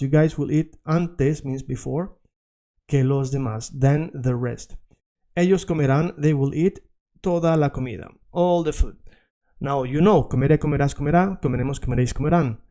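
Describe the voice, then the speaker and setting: Patient man teaching, dark voice. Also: on the high side. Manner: explains patiently, repeats words, checks in with "all right?". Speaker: Spanish teacher. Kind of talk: video language lesson.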